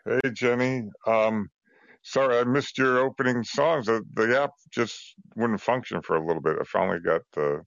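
A man joining a live audio show as a listener, chatting casually with some halting restarts. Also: medium pitch, gravelly, a bit bright, no echo, lo-fi sound. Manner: casual, friendly, a bit halting. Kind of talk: casual chat.

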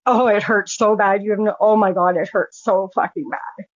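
A woman's voice: mid-range voice, fairly even intonation, normal speed, no room sound. A woman recounting a personal story as a guest, speaking frankly and swearing freely. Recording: dull, dry lo-fi sound.

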